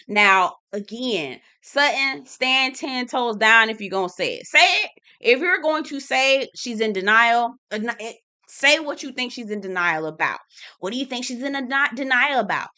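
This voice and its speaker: A woman with a bright, forceful voice runs a chatty recap. She is sassy and teasing and talks straight to her viewers. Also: fairly high pitch, normal speed. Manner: sassy, calls viewers "y'all" and "girl"; laughs and teases, animated. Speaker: reality TV recap host. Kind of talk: chatty commentary video.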